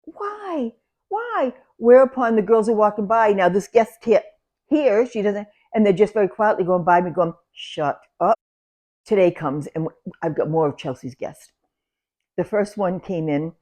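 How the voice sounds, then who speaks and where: A woman's voice: mid-range voice, moderate pace. Older woman telling salon stories. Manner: animated, laughs through anecdotes, loud when acting out yelling. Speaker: salon owner. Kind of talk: casual storytelling.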